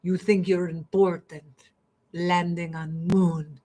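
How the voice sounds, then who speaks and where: A woman voicing a proud Russian museum guide who boasts slowly in broken English with a Russian accent. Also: high-pitched, little pitch movement, warm tone, pitched below the performer's own voice. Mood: boastful. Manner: slow, deliberate boasting.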